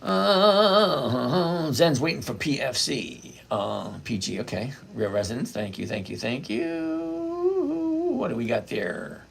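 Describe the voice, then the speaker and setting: A husky, chatty man hosts a casual stock-trading livestream, reading chat, greeting viewers by name and answering questions. His voice is medium-pitched, a bit bright, and unhurried.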